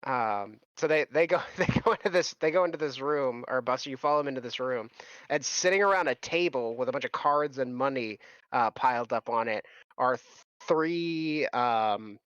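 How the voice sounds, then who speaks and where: A man's voice: mid-range voice, normal speed, a bit bright, clear, resonant tone, no room sound, dull audio. A man narrating a tabletop game as game master, rambling loosely and laughing between restarts.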